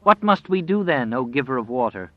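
A man's voice: medium pitch, very animated, fairly quick, dry recording, pitched above the performer's own voice, natural voice. A man voicing a taunting demonic wolf. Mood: gloating. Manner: taunting, gloating. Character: menacing demonic wolf, sly and boastful. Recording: dry, slightly dull recording.

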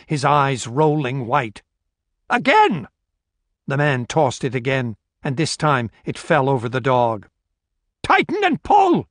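Reading a novel aloud as scripted narration, an audiobook narrator speaks at a medium pitch with a steady, measured storytelling manner. He is a man, recorded in studio quality without any room sound.

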